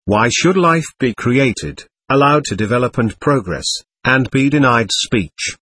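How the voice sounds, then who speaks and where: A man narrating a book in a measured, reflective reading style. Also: mid-range voice, expressive, fairly bright tone, breathy edge. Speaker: audiobook narrator. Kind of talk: scripted narration.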